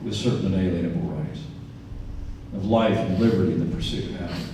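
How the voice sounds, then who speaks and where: A man's voice: deep voice, fast, warm tone, slight background noise. A man in his sixties from Indiana giving a campaign speech, telling earnest stories with folksy asides. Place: event venue, large indoor room. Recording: echoey hall, distant mic.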